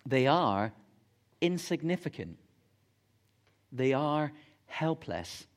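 A man's voice: mid-range voice, sing-song, takes it slowly. Conversational preacher man. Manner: conversational, emphatic, asks the congregation questions. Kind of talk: sermon. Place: church gathering room.

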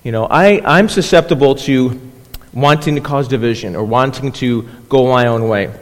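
A pastor with a mid-range voice preaches a conversational sermon at normal speed, often checking in with his listeners. He restarts phrases and repeats words, and a long hall reverb surrounds the recording.

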